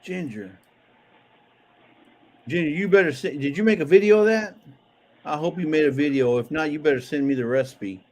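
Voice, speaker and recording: A man's voice: fairly high pitch, moderate pace, long pauses, a little mellow. Rambling joking man. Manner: rambling, joking, frequent restarts. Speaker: livestream co-host. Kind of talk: casual livestream chat reading viewer comments.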